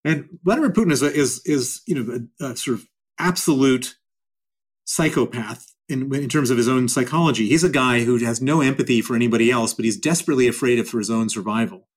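A man's voice: medium pitch, brisk, breathy edge. A man answering interview questions at length, emphatic and given to repeating his points. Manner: emphatic and repetitive. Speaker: interview guest.

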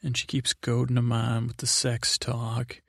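Drowsy rambling man with gravelly voice. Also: medium pitch, monotone, unhurried, fairly bright tone, no room sound, studio quality. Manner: meandering, full of fillers and asides. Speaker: podcast host. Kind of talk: rambling sleep-aid recap.

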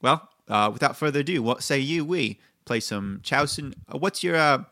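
In a clean, dry studio recording, a podcast host and game master chats casually about his tabletop game, rambling through the rules and correcting himself. He puts on a strange mixed accent for the intro, speaking at normal speed with a medium-pitched, sharp voice and lively intonation.

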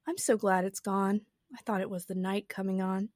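A woman's voice: medium pitch, flat delivery, normal speed, a little mellow, no room sound, clean studio sound, close to an everyday voice. A woman reading aloud and voicing a polite, sensible little girl who asks puzzled questions.

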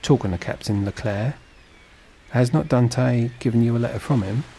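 A man's voice: medium pitch, moderate pace, mellow, a little hiss or hum, lightly acted. A man reading a storybook and voicing a sly, envious supercargo with an insinuating manner. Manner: insinuating, scheming.

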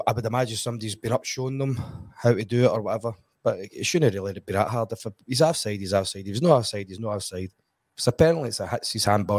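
Scottish pundit, plain-spoken and opinionated, lowish voice, dry close sound. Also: male voice, darkish tone, no room sound. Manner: blunt, opinionated. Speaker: football pundit. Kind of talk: casual podcast chat.

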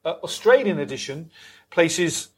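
A man's voice: fairly high pitch, lively intonation, measured pace, breathy edge. A man interviewing an author at a live event. He asks long, winding questions in an academic style. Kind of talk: onstage interview. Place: live event venue with an audience.

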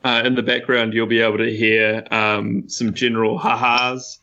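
A man's voice: mid-range voice, little pitch movement, moderate pace, sharp tone, highs cut off. A man describing his character's actions in a tabletop game, hesitant with many fillers. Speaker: player.

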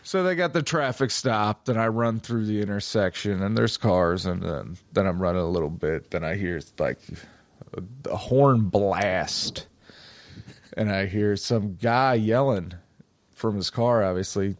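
A man casually telling a story in animated, profane chat with friends. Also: fairly low pitch, measured pace, no room sound. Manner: animated, profane storyteller who acts out quotes.

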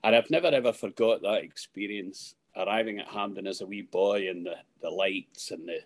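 A man's voice: sits low, normal speed. A Scottish man in his sixties, a podcast guest telling a long rambling anecdote with many restarts and asides. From Scotland. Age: 60s. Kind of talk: anecdotal storytelling.

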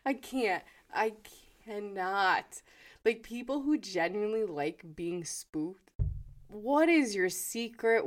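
A young adult woman co-hosting a casual podcast, expressive and jokey, and she swears freely. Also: mid-range voice, slow. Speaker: podcast co-host. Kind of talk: casual chat.

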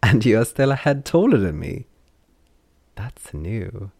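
A man's voice: low voice, steady tone, a little slow, vocal fry, mellow, husky, no echo, clean studio sound, full character voice. A man voicing a bubbly, teasing four-armed female creature in an audiobook, theatrical and coy.

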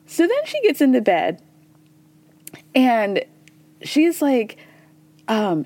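A woman hosts a casual podcast recapping reality TV, chatty and profane, saying "y'all" and "girl" and voicing the quoted lines of the people she describes. Her darkish voice sits high with big pitch swings, moving slowly and pausing often.

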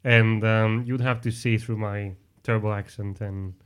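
A man's voice: lowish voice, level tone, normal speed, clean tone. Laughing man running a movie quiz. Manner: playful, laughs often, quotes movie lines. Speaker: podcast co-host running a quiz. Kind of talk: casual chat.

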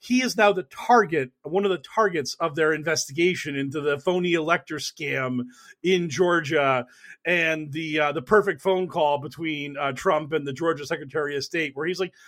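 A man's voice: on the high side, normal speed, a bit bright. A man co-hosting a podcast, chatting casually and mockingly about political news, laughing often and rambling with fillers. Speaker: podcast co-host. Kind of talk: casual comedic political chat.

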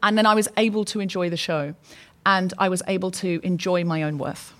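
A woman's voice: fairly low pitch, fairly even intonation, a little fast. A woman co-hosting a live comedy podcast, telling self-mocking stories onstage with hesitant restarts. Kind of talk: stand-up storytelling before a live audience. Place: arts centre stage. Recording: live stage recording, faint noise.

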